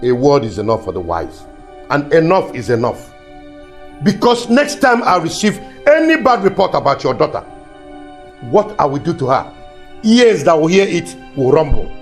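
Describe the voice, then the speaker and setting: A man's voice: on the high side, very animated, moderate pace, faint music behind. An actor with a Nigerian accent playing a stern king who warns and threatens a subject in a commanding way. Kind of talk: Nollywood drama acting.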